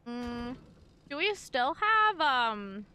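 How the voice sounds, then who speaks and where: Bubbly high-voiced young woman streamer. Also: drawn-out words. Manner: bubbly, excitable, talks to chat. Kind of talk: gameplay commentary.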